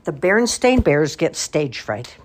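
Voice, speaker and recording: Low, husky grandmother reading stories. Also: a little slow. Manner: expressive, storytelling cadence. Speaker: storybook reader. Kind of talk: reading picture books aloud.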